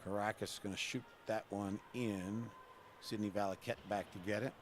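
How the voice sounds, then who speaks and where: A man doing relaxed, chatty live play-by-play of a college women's hockey game at a rink. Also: fairly low pitch, normal speed, slight background noise. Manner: relaxed, chatty, jokes with the camera person between plays. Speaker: play-by-play announcer.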